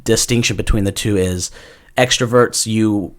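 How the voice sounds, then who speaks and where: Casual comedian guest, male, lowish voice, laid-back and self-deprecating. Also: fairly even intonation, normal speed. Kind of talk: casual podcast chat.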